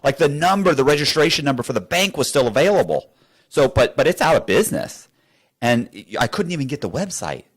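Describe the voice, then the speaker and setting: A man's voice: mid-range voice, very animated, fairly quick. A man telling a story as an interview guest in a studio, acting out both sides of the conversations.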